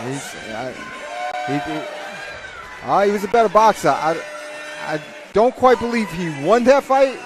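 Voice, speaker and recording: A man's voice: high-pitched, animated, unhurried, over music. A man commentating live boxing fights, rambling and joking, often repeating himself. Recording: crowd noise at a live event.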